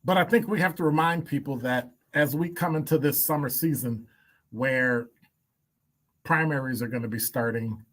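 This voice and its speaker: A man's voice: mid-range voice, normal speed, a bit bright. A male radio host giving blunt opinion commentary, emphatic and wry, stacking up rhetorical questions. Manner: blunt, wry asides and chuckles.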